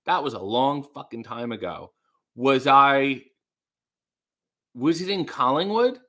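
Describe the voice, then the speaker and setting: A man's voice: mid-range voice, lively intonation, takes it slowly, long pauses, pushed and bright. A man hosting a casual livestream, reading chat messages aloud, rambling and trailing off into mumbles. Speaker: livestream host.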